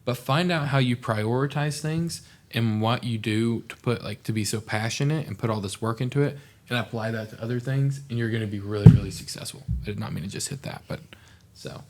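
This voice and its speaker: A young man from southeast Oklahoma, once a student officer, guests on a casual podcast interview. His medium-pitched, slightly mellow voice moves a little fast as he rambles earnestly and from the heart, saying "like" constantly.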